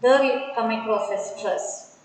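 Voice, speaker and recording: A woman teaching a poetry class online, her slightly high voice unhurried and deliberate as she restates each point. The sound carries a heavy echo with a long reverb tail, as if from a bare, hard-walled room. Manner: slow, deliberate, repeats and restates words. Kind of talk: online lecture.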